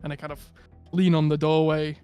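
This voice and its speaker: Halting, emotional player man, higher voice. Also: flat delivery, clean tone, no room sound, dull audio, faint music behind. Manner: halting, restarts, then bursts of emotional in-character lines. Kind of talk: in-character tabletop role-play.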